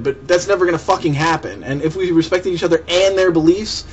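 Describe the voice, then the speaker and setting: A young man with a fairly high voice delivers a profane, heated, sarcastic rant in reply to a commenter, with faint hiss behind him. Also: expressive, quick pace, hardly any pauses, darkish tone, dull audio. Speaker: vlogger answering a commenter. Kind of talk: angry video rant.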